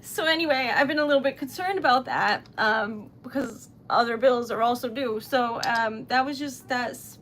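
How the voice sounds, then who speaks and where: Giggly, chatty young woman, slightly high. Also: moderate pace, few pauses, a bit bright, slight background noise. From Rhode Island, US. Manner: chatty, giggly, emotional, many fillers. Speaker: livestreaming small-business owner. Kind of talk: casual live-stream chat while crafting.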